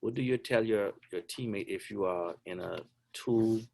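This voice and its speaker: A man's voice: lowish voice, normal speed, gravelly, darkish tone. A middle-aged man, a basketball coach, answering questions on a video call in a chatty, joking way.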